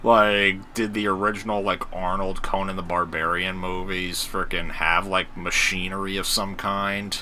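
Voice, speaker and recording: Bright, low-voiced man rambling trivia. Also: level tone, measured pace, hardly any pauses, slight background noise. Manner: chatty movie-trivia rambling. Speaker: channel host and gamer. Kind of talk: casual gaming voice chat.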